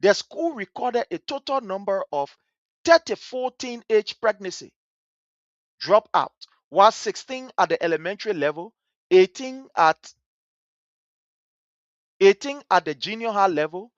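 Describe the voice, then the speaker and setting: A man's voice: sits high, expressive, a little slow, pauses often, dry recording, highs cut off. A man giving heated, indignant commentary on a live stream, repeating phrases for emphasis. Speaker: livestream host.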